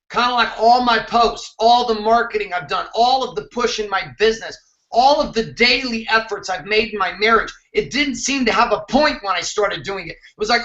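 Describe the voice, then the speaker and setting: A man's voice: very high voice, fairly quick, sharp tone, echoey room, muffled recording. A man hosting a motivational show, talking intensely and emphatically, with some swearing. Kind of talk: motivational talk to camera.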